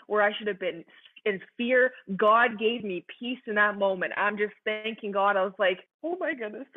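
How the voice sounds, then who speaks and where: A young woman gives an emotional personal testimony in an earnest, fervent voice, leaning on "like" and "you know" as she talks. Her voice sits at an ordinary middle pitch. The sound is thin and tinny, as if it comes through a phone.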